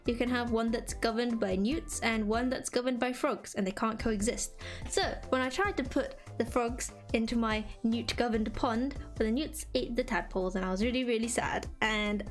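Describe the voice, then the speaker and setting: A woman's voice: a little high, steady tone, normal speed. A young woman from England chatting casually with her stream viewers, rambling with lots of fillers. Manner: rambling, filler-heavy, chirpy. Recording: faint music behind.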